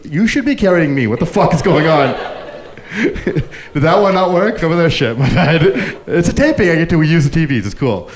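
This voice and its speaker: A man's voice: a little high, a little hiss or hum. A man from Canada performing a stand-up comedy set on a club stage into a handheld mic, laughing at his own jokes and swearing freely.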